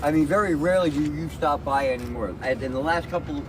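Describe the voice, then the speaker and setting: Man in a clip, loud crowd outdoors. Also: a little high, fast talker. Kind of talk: played video clip.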